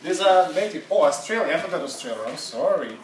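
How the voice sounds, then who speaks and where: A man teaching an English seminar in a chatty, laughing, halting way. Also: on the high side, lively intonation, slight background noise. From Russia. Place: classroom. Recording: roomy classroom, mic far off.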